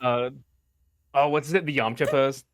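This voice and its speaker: A man playing in a tabletop game, chatting and joking in a halting way with many fillers. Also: medium pitch, fairly even intonation, smooth, no echo, clean studio sound. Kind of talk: casual chat.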